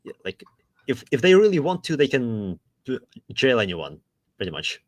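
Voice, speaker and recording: A man's voice: mid-range voice, big pitch swings, normal speed, dry recording. A man co-hosting a casual podcast chat, reading text aloud with dry asides and frequent laughs. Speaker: podcast co-host.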